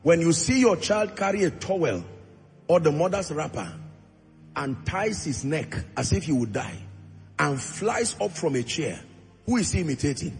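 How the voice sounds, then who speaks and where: A man preaching a sermon as pastor, acting out short dialogues and rising into shouted prayer. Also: on the high side, sing-song, normal speed. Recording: music under voice in a large reverberant hall.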